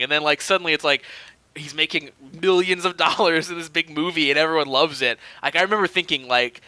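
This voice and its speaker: A man's voice: a little high, a little fast, pushed and bright, clean tone, dry recording. A man in his thirties co-hosting a podcast, telling stories in a rambling, filler-heavy casual chat. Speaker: podcast co-host.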